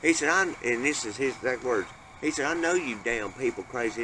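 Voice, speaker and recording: A man with a drawl tells a family ghost story, folksy and full of cussing, voice at an everyday middle pitch. He gets lively when quoting his family. A steady noisy hiss sits under the recording. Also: a little fast. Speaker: panel storyteller. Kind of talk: casual storytelling.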